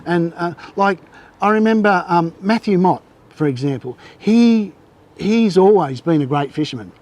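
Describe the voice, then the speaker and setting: A man's voice: high voice, lively intonation, moderate pace, darkish tone. A man telling fishing stories in casual, rambling talk, with many restarts. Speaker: guest angler. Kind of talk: casual storytelling on a live show.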